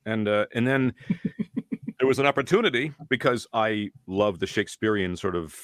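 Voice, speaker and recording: A man with a slightly low voice tells stories as a guest in an interview. He is animated and keeps slipping into playful character voices. The sound is dry and close. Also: normal speed, dry recording. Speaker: voice actor guest. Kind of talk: casual interview.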